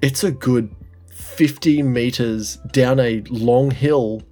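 A man's voice: medium pitch, slow, faint music behind. A young man co-hosting a podcast, chatting casually and telling a story with lots of swearing and laughter. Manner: excitable, swears freely, laughs a lot. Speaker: podcast co-host.

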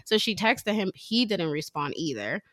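A woman in her thirties tells a story in casual chat, her voice sitting a little low. She keeps slipping into quoted voices as she goes. The sound is close and dry, with no room around it. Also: moderate pace, no echo. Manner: chatty, animated storyteller acting out quotes.

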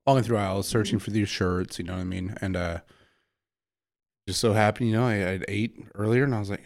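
A man's voice: lowish voice, steady tone, brisk, gravelly, dry recording, clean studio sound. A man co-hosting a podcast, telling rambling stories in casual chat and laughing often. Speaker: podcast co-host.

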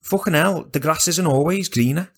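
A man chatting casually about football as a podcast co-host, animated and sweary, rambling with restarts. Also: a little high, normal speed, husky.

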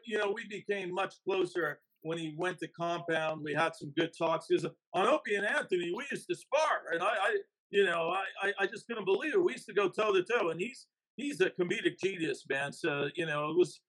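A man's voice: high voice, moderate pace, a bit bright, low-quality recording. A man, an investigative reporter and author, talking emphatically as a podcast guest. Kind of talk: casual podcast interview.

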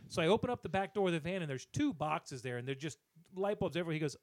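A man on a podcast tells a rant in an animated, profane way, acting out the people in his story with a somewhat high voice. The recording is dry and close. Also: fast talker, no echo. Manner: animated, profane, acts out other people's lines. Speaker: podcast co-host.

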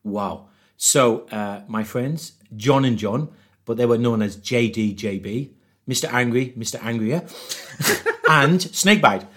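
A man's voice: mid-range voice, takes it slowly. Geordie guy spinning a yarn on a podcast, voice jumps all over, keeps cracking himself up. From northeast England. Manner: animated, laughs often, acts out quotes. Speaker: podcast guest. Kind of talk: casual storytelling.

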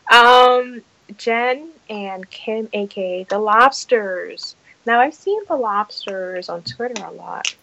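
A woman's voice: a little high, takes it slowly, gravelly, sharp tone, muffled recording. A woman from New York co-hosting a podcast, playful and giggly, often jumping in during casual chat. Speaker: podcast co-host.

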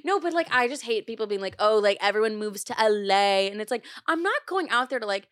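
A young woman hosting a podcast, telling stories in a rambling, profane, animated way as she chats casually into her microphone. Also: medium pitch, a little fast. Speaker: podcast host. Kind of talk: casual chat.

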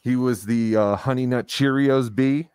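A man's voice: mid-range voice, steady tone, moderate pace, a little mellow, clean tone, no echo, clean studio sound. A man co-hosting a podcast, chatting casually and rambling, with lots of fillers and restarts. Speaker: podcast co-host. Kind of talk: casual chat.

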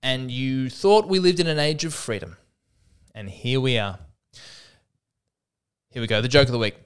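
A man's voice: mid-range voice, normal speed, clean tone. A man hosting a solo comedy podcast, talking in a wry, self-mocking way and acting out the voices in his jokes. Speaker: podcast host.

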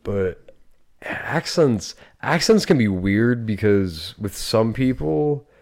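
A man with a lowish voice co-hosts a podcast, chatting loosely and joking around. He laughs easily and keeps the talk light. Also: lively intonation, slow pace, vocal fry, a little mellow. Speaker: podcast co-host. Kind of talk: casual chat.

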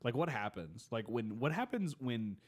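A man's voice: mid-range voice, very animated. Young male co-host, loose profane banter, acts out bits. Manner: profane, rambling, acts out quick voices. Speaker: podcast co-host. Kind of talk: casual comedic chat.

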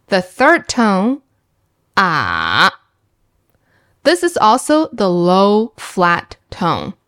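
A woman teaching beginners Mandarin, explaining slowly and clearly and demonstrating each tone aloud. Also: medium pitch. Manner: slow and clear, demonstrating sounds with sung tones.

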